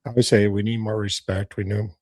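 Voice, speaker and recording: A man with a fairly low voice hosts a podcast interview, speaking calmly and agreeably. The sound is dry and close, with little room around him. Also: brisk, no echo. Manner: calm, agreeable, short affirmations. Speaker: podcast host, paranormal investigator. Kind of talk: casual interview chat.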